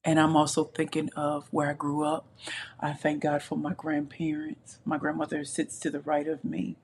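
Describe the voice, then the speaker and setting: A woman speaking as a podcast guest from her home computer, passionate and emphatic, now and then dropping to a soft near-whisper. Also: deep voice, completely flat delivery, normal speed, slight background noise. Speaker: guest, entrepreneur and pitch champion. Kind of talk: podcast interview. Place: home with a balcony, city view.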